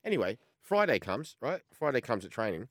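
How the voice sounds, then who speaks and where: Man, Australian accent, fifties, sports radio guest, animated storytelling, acts out dialogue, fast, dry studio sound. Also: medium pitch, dry recording. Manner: animated storyteller who acts out quoted exchanges. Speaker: guest, former goalkeeper.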